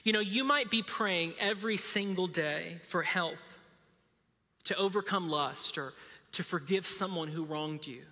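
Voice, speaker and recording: Man, 30s, pastor, bright sharp tone, relaxed storytelling sermon. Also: high voice, a little slow. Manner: conversational storytelling with self-deprecating humor. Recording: reverberant hall.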